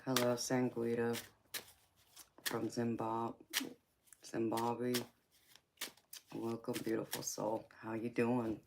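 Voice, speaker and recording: A woman's voice: a bass voice, flat delivery, takes it slowly, gravelly, pauses often, background noise. A woman with a Georgia accent reading tarot on a livestream, chatting with viewers and calling them honey and sweetheart. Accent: Southern US, Georgia. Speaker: tarot reader hosting a livestream. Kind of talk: casual livestream chat.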